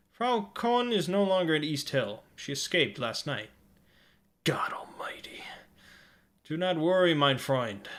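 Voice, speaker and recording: A man voicing a kindly middle-aged German doctor in a mock German accent, with a stiff, halting cadence. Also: a little high, fairly bright tone. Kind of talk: reading game dialogue aloud.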